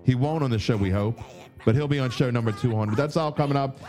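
A man's voice: medium pitch, quick pace, dark tone. A middle-aged man with a New Orleans Yat accent hosting a sports podcast, rambling and wry as he talks straight to his listeners. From New Orleans area. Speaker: podcast host. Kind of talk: casual sports podcast monologue.

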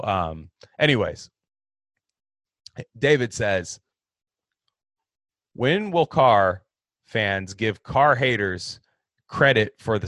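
A man's voice: lowish voice, a bit bright, no echo. A man hosting a casual sports talk show, giving rambling, opinionated takes on football with frequent restarts. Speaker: sports podcast host.

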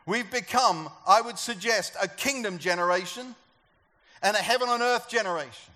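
A man's voice: high-pitched, moderate pace, bright, forceful tone. A man preaching a sermon to a church gathering, talking conversationally and asking the congregation questions. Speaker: pastor.

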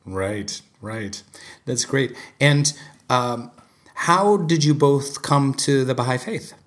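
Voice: mid-range voice, slow. An interview host with a mid-range voice asks the guests questions. The host sounds curious and engaged. The questions are short and direct. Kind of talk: conversational interview.

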